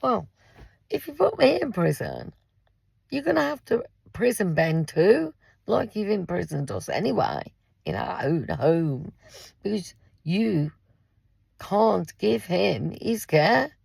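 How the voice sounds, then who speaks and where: A woman in her fifties with a heavily gravelly, husky voice rants bluntly and swears freely. She talks slowly, her pitch swinging widely between low and high. She sounds close and dry, with no room echo. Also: sing-song, darkish tone. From England. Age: 50s. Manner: blunt, swears freely, addresses listeners directly. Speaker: parent and carer. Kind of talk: angry vlog rant. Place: in a car in a car park.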